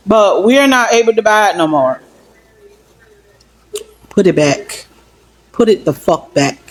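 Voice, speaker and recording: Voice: medium pitch, poor audio. A person giving a blunt, scolding warning in a casual phone video.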